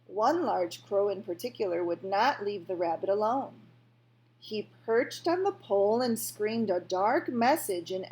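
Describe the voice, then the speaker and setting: Woman, storybook read-aloud, calm measured narration, unhurried pace. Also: mid-range voice. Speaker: reader. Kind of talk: reading a children's novel aloud.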